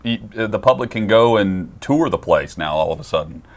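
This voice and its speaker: A man's voice: lowish voice, animated, fairly quick. A man hosting a casual radio talk show, joking around and asking long rambling questions. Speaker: radio host.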